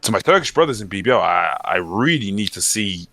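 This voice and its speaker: A man's voice: lowish voice, sing-song, fairly quick, sharp tone, no echo. A man co-hosting a podcast, giving opinionated, emphatic esports analysis in casual chat, often restarting his sentences. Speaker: podcast co-host.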